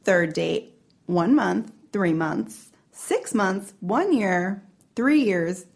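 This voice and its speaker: A woman's voice: medium pitch, expressive, drawn-out words, gravelly. A woman co-hosting a comedy podcast, running a guessing game with playful teasing and giggles. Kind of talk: casual comedic chat.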